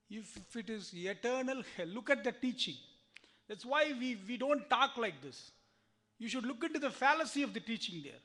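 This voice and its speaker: A man's voice: very high-pitched, sharp tone. A man with an Indian English accent giving a spiritual discourse at a temple, asking the audience rhetorical questions and acting out both sides of conversations. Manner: asks the audience rhetorical questions, acts out the dialogue himself.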